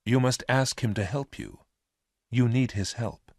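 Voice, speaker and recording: A man voicing a calm, powerful male alien in a storybook reading, speaking quietly and measured. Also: mid-range voice, no room sound, studio quality, voice pushed up.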